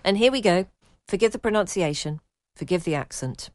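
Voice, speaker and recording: A woman's voice: fairly low pitch, lively intonation, brisk, few pauses, no room sound. A woman hosting a chat podcast and reading out listener emails, with a dry, playful manner. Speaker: podcast host.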